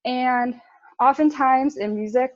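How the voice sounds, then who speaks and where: Young woman chatting through a presentation, bit of a high voice, dry dull mic. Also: slow, no echo. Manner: chatty, fillers, laughs at own slips. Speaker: intern presenter. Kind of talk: casual presentation.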